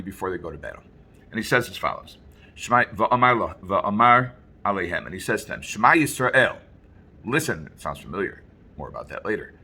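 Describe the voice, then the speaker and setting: A rabbi teaching a weekly Torah lesson. He has a lowish, bright, forceful voice. He reads a Hebrew verse, then translates it and explains it in plain speech. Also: husky. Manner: sometimes chants a phrase in a slow, drawn-out sing-song. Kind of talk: Torah lecture.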